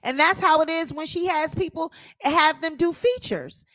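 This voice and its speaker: A woman's voice: very high-pitched, moderate pace, a bit bright, no echo. A woman hosting her own channel, giving sassy, opinionated celebrity gossip commentary and calling her viewers honey.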